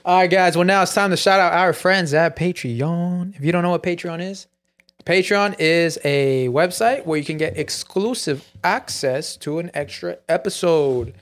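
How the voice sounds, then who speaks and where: A man co-hosting a podcast, joking around and reading a sponsor shout-out in casual chat. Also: a little high, moderate pace. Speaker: podcast co-host.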